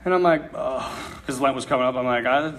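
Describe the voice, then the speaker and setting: A man telling his faith story to an audience, animated and laughing often as he acts out the dialogue. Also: medium pitch, racing, noisy background. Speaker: speaker sharing a faith testimony.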